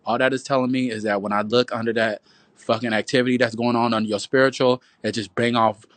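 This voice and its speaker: A man preaches into his phone on a livestream, swearing freely and repeating himself as he lectures his viewers. His voice sits at a middle pitch and sounds close and dry, with no room around it. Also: fairly even intonation, fast, no room sound. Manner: profane, preachy, repetitive, calls listeners "boo" and "y'all". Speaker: livestream host. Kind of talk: rambling preachy livestream monologue.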